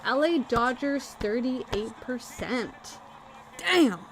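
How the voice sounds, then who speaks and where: A woman's voice: a little high, unhurried. A woman hosting a live stream, chatting casually with her viewers. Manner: chatty, talks to chat viewers. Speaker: livestream host.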